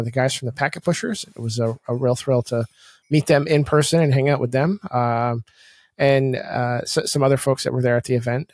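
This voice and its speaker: A man hosting a podcast in casual chat, recapping the year at a steady, friendly pace. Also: mid-range voice, no echo. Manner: steady, recap-style storytelling. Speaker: podcast host.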